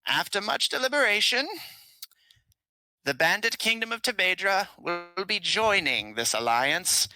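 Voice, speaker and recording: A frail old bandit king, voiced by a man speaks in a thin, high little voice. His proclamations come slow and deliberate. He has little patience for his crowd, and there is an edge under the ceremony. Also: lively intonation, bright, forceful tone, no room sound, full character voice, low-quality recording. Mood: proclaiming.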